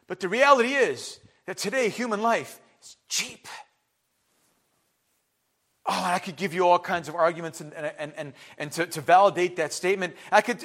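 A man, preaching an impassioned sermon that builds to shouting. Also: high voice. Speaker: pastor.

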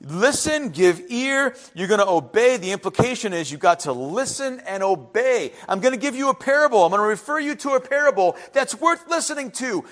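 A middle-aged male pastor delivering a sermon, swinging between loud emphatic lines and quiet personal asides. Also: very high voice, lively intonation, a little fast, few pauses.

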